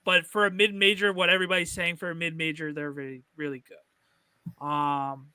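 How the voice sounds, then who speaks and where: A man's voice: on the high side, little pitch movement, normal speed, pushed and bright, clear, resonant tone, no room sound. A man with a North Jersey accent, co-hosting a sports podcast in rambling casual chat full of fillers.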